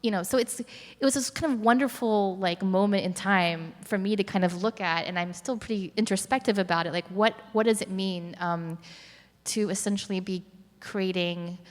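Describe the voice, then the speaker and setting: A woman's voice: mid-range voice, normal speed, big-room sound. A woman curator telling a story in a conversational interview, reflective, with many fillers and restarts.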